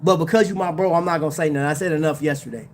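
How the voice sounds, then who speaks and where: Man, high voice, slangy, laid-back livestream chat, laughs a lot, faint background noise. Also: rapid-fire, a little mellow. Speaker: watch channel host.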